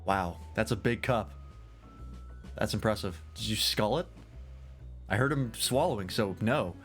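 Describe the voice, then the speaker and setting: A man with a fairly low voice chats casually over his gameplay, dropping wry, joking asides between story scenes. Faint music plays behind him. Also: lively intonation, measured pace. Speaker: streamer.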